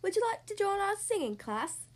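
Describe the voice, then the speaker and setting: A woman's voice: extremely high pitch, sing-song, normal speed, voice pushed up. A woman voicing a cheerful little robin with a chirpy delivery. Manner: chirpy, bright.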